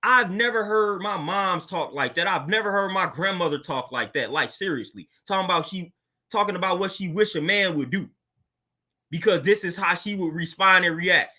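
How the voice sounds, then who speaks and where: Bright, high-voiced man in casual talk. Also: normal speed. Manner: laid-back, conversational, laughs often, street slang. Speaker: podcast host. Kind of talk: casual monologue commentary.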